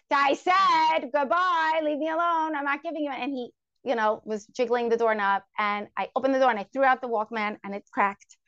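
A woman telling a personal story to a live audience, lively and acting out her own inner thoughts. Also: sits high, moderate pace, no echo, muffled recording. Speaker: guest speaker.

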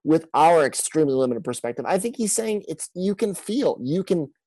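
A man with a slightly high, darkish voice and wide pitch swings talks at a moderate pace, playing a pastor in an earnest podcast-style conversation. He often repeats words and acts out what others said. The recording is low quality but has no echo.

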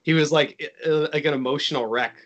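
A man's voice: a little high, quick pace, fairly bright tone. A man from Chicago, a wrestler guest on a podcast, telling a story in casual chat with lots of restarts and fillers. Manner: rambling, many likes and restarts.

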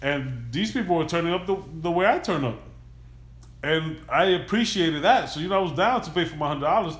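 Speaking fairly quickly in a voice on the high side, this podcast host gives a loose, profane, animated retelling of a long story, playing the characters himself. The room sounds echoey.

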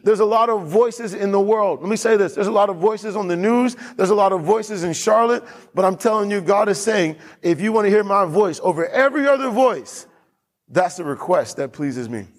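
A male pastor delivering a sermon to his church, pressing each point home by repeating it. His voice sits somewhat high for a man, and he moves between plain talk and reading scripture aloud. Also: normal speed. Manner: emphatic preacher, repeats lines, reads scripture aloud.

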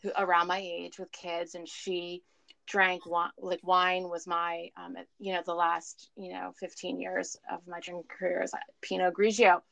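A woman's voice: fairly low pitch, level tone, normal speed, vocal fry, a bit bright, no room sound. Earnest woman phoning in her story. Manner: earnest, emotional, rambling storytelling. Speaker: guest calling in. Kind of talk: candid recovery story chat. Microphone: phone call.

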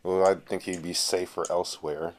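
Young man, low voice, deadpan, skeptical, casual podcast chat, trails off softly. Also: normal speed. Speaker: podcast co-host.

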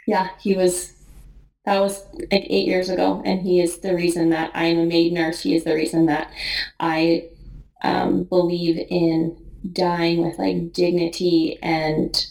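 A woman's voice: fairly low pitch, gravelly, darkish tone. Emotional woman in a roomy, distant recording. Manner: emotional, halting, frequent restarts and quoted thoughts. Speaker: nurse guest. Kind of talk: reflective personal storytelling. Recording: roomy, slightly distant mic.

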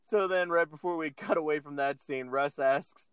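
A man's voice: fairly high pitch, normal speed, a bit bright, clean tone, dry recording. A man hosting a casual podcast chat, retelling a film's scenes with frequent laughter. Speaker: podcast host. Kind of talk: casual chat, recapping a film.

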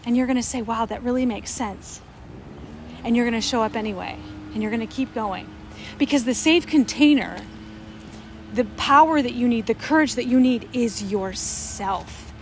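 A woman co-hosts a spiritual discussion in an earnest, emphatic way, often repeating phrases to drive a point home. Her voice sits somewhat high. Faint background noise runs under the recording. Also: moderate pace. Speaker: co-host.

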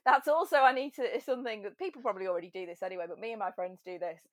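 A woman chatting as a podcast guest, self-mocking and quick to laugh. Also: mid-range voice, a bit bright, dry recording, clean studio sound. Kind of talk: casual chat.

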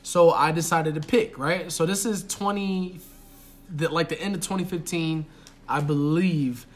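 A man's voice: fairly high pitch, steady tone, measured pace. Joking man in loose, profane podcast chat. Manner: joking, profane, mocking voices. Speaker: podcast co-host. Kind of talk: casual storytelling chat.

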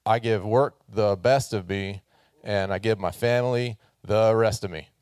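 Low-voiced man preaching a casual sermon. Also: unhurried, a little mellow, clear, resonant tone, no echo, clean studio sound. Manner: casual, joking, talks with the congregation. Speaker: pastor.

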